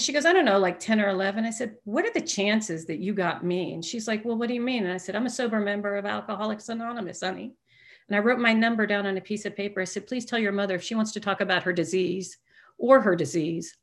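A woman giving an earnest, emphatic personal testimony at a recovery meeting, stumbling and restarting often and dropping to a hushed voice when retelling conversations. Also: mid-range voice, fast talker, vocal fry. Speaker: sober member sharing at a recovery meeting.

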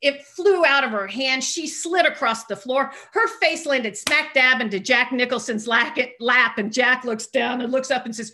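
A woman's voice: high voice, moderate pace, hardly any pauses, bright, forceful tone. A middle-aged woman candidly telling a personal recovery story to a group, with self-deprecating humor.

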